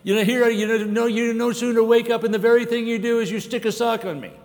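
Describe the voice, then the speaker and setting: A griping, long-suffering foot done by a male preacher whines in a voice pushed well above his own and louder than his usual speech. Every complaint rings out with a long hall reverb. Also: extremely high pitch, steady tone, quick pace, pitched above the performer's own voice. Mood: aggrieved whine. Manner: aggrieved, complaining. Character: whiny put-upon talking foot, male.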